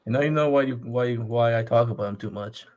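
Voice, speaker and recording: Excitable man hosting a casual watch party. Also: medium pitch, fairly quick. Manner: excitable, laughs often, repeats phrases. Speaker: host.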